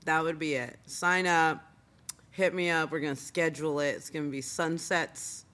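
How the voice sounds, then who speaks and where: High, bright-voiced man joking around. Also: fairly even intonation, moderate pace. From Mexican-American from Fort Worth. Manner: laughing, joking, rambling with many fillers. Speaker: podcast guest. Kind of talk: casual chat.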